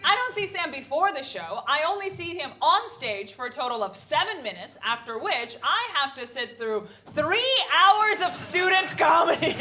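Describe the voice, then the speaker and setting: A woman in her thirties performing a live stand-up set, animated and quick to jump into loud put-on voices. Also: high-pitched. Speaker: stand-up comedian. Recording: live comedy club with audible noise.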